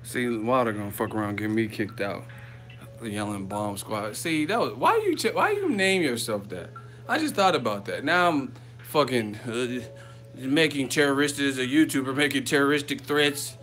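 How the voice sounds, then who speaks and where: A man's voice: mid-range voice, moderate pace, fairly bright tone, faint music behind. A man hosting a boxing live chat from a hotel room, telling profane, joking stories. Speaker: boxing YouTuber host. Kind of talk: live-chat vlog storytelling.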